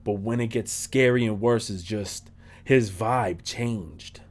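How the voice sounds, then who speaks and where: A man telling a story on his vlog in an animated, profane, slangy way. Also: on the low side, slow. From New York. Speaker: YouTuber.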